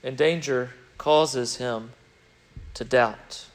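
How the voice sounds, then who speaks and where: A man preaching a sermon in an animated way, swinging between loud emphasis and quiet, reflective stretches. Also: medium pitch, drawn-out words.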